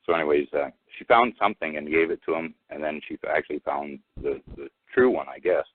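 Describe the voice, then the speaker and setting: Male caller, very low husky voice over a tinny phone line; halting, rambling storyteller who quotes both sides. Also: no echo. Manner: rambling, halting, full of fillers and restarts; retells exchanges by quoting both sides. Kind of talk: casual storytelling on a call-in show.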